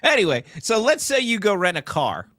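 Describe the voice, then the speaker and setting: Animated male host, very expressive pitch, rambling commentary, dry mic. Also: normal speed, no echo. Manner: animated, rambling, full of fillers and asides. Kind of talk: political commentary talk show.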